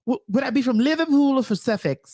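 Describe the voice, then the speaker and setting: A woman's voice: sits high, lively intonation, fast, mellow. A woman hosting a comedic talk show, playful and theatrical, laughing often as she hams up a mock British persona. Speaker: host.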